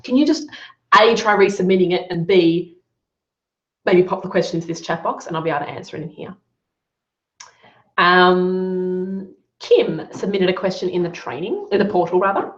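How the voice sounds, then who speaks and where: A woman's voice: lowish voice, expressive, normal speed, long pauses. A woman running a live online Q&A as a business coach, giving upbeat, encouraging feedback on students' work. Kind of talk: live Q&A session. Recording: roomy, dull lo-fi sound.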